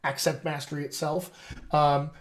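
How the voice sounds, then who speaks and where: A man's voice: fairly high pitch, level tone, moderate pace. A man hosting a casual live-stream chat as a dialect coach, talking in a chatty, upbeat way with folksy asides.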